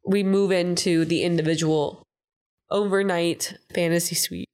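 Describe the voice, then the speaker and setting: A woman's voice: on the low side, steady tone, measured pace, a little mellow. Chatty woman podcaster recapping a show. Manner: chatty, acts out quotes in playful voices. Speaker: podcast co-host. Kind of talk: casual chat recapping a reality show.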